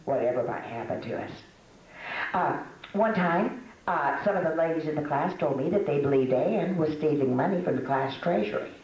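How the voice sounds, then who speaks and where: An older woman with a fairly low voice talks to a room of women in a folksy, self-mocking way. She laughs often and stumbles through fillers. The room gives her voice a clear echo. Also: expressive, moderate pace, darkish tone. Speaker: speaker at a women's meeting. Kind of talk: conversational talk to a women's audience. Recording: echoey room.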